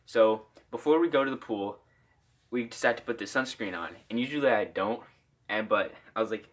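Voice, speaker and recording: A man's voice: medium pitch, animated, brisk, a bit bright, a little hiss or hum. A young man from Iowa telling a casual story-time tale, rambling with lots of "like" fillers.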